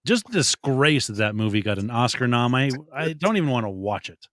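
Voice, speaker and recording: A man's voice: mid-range voice, sing-song, a little fast, a bit bright, no room sound, studio quality. A man hosting a casual movie podcast, reading out nominees and leading the talk. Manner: leads the segment, reads out nominees. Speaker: podcast host. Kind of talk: casual chat.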